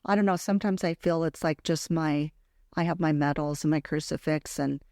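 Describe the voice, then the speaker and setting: A woman's voice: deep voice, normal speed, a little mellow, no echo, clean studio sound. A woman hosting a faith podcast, talking in an earnest, heartfelt way and telling a personal story. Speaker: podcast host. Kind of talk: casual faith podcast talk.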